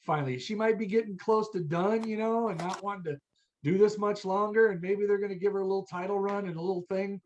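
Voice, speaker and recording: A man's voice: high voice, steady tone, fast talker, a little mellow, dull audio, slight background noise. A man co-hosting a podcast in casual chat, easygoing and given to joking asides. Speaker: podcast co-host.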